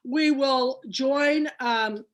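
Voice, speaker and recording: A woman's voice: sits high, extremely slow. A woman from Kansas hosting a book club on a video call, chatty and emotional, retelling conversations. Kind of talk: casual chat on video call.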